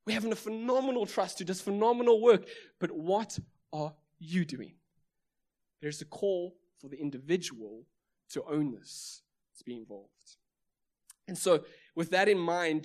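A man's voice: a little high, a little mellow. A South African man with a South African accent preaching a sermon, emphatic, with repeated phrases and rhetorical questions. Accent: South African English. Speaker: pastor.

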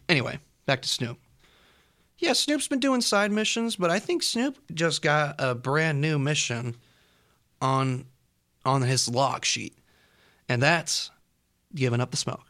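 A man's voice: mid-range voice, fairly bright tone. A young man rambles on a college radio show from the studio, joking and getting sidetracked. His voice sits mid-range, and his talk stays loose and unscripted. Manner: rambling, joking, easily distracted. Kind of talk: casual radio chat.

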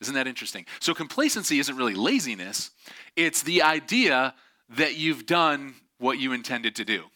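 A man telling a story in a lively way, acting out the voices of the people in it. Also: a little high. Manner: animated, acts out quoted voices. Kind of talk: storytelling talk.

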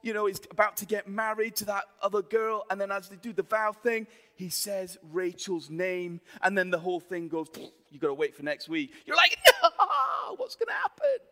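Man preaching, Yorkshire accent, forties, chatty and jokey, bright tense voice, long hall reverb. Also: high-pitched, little pitch movement, normal speed. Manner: chatty, jokey storytelling with the crowd. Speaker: pastor. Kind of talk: sermon.

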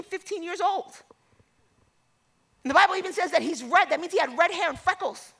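A woman's voice: high voice, vocal fry, fairly bright tone. A woman preaching a sermon, telling stories and acting out the voices of the people in them before calling out to the congregation. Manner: storytelling, acts out quoted voices, builds to exhortation.

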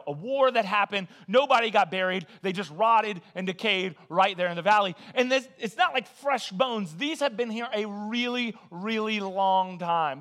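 Animated, high-voiced male preacher. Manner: animated, joking storyteller. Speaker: pastor. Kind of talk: casual conversational sermon.

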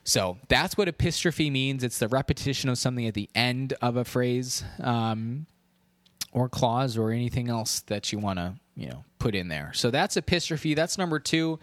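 A man hosts a casual solo podcast countdown, rambling and playful, then building up excitement for the big reveals. His voice sits at a middle pitch. It is recorded close up and dry, with no room sound behind it. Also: normal speed, no room sound. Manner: playful, rambling, with hyped-up announcements. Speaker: podcast host.

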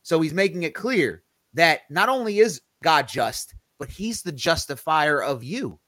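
A man's voice: fairly high pitch, animated, a little slow, a bit bright, dry recording. A man hosting a podcast Bible study, explaining scripture in a casual, conversational way and leaning hard on quoted verses. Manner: conversational, self-correcting, emphatic on scripture quotes.

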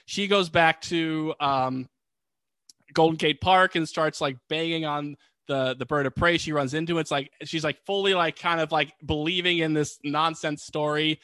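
Bright-voiced man recapping a movie. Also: fairly high pitch, moderate pace, no room sound. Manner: rambling, animated storytelling with quoted voices. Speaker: podcast co-host. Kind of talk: casual movie recap chat.

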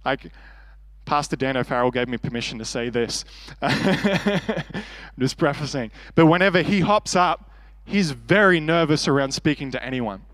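A man's voice: on the high side, expressive, normal speed, no room sound. A man preaching a sermon in an earnest, conversational way, acting out quoted prayers and speech. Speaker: pastor. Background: soft worship band music.

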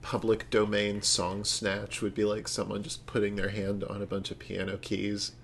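A man's voice: on the low side, monotone, normal speed, gravelly, slight background noise. A man co-hosting a podcast, trading dry jokes in casual chat. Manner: dry, joking banter. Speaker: podcast co-host.

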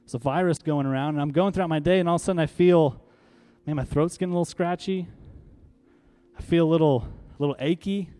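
A man's voice: fairly high pitch, fast, warm tone. A man preaching a sermon, emphatic and full of rhetorical questions, leading the congregation to repeat lines after him. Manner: uses props on stage while preaching. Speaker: pastor.

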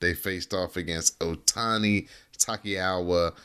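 A man's voice: sits low, steady tone, slow pace, bright, forceful tone, clean tone. A man hosting a casual wrestling podcast, reading results and joking with his co-hosts in a laid-back way. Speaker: podcast host.

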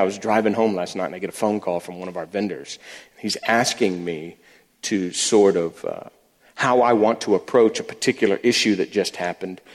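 A man with a lowish voice speaks to a breakfast gathering as their pastor, telling stories in a loose way and often starting over mid-phrase. His voice rings out with a long reverb, as if heard in a large hall. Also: a little mellow. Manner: storytelling, restarts and repeats words. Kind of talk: sermon-style talk.

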